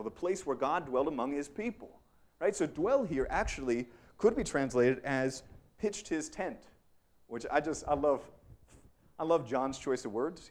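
A young adult man preaching a conversational sermon as a pastor, self-deprecating, with frequent "right?" asides to the congregation. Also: medium pitch.

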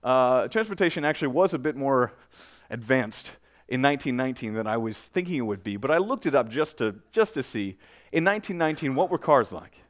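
Young male pastor, chatty and self-deprecating, mid-pitched, preaching into a church mic. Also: lively intonation, a little fast. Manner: conversational, self-deprecating, joking asides. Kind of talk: casual sermon with prayer. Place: church sanctuary. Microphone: microphone with feedback.

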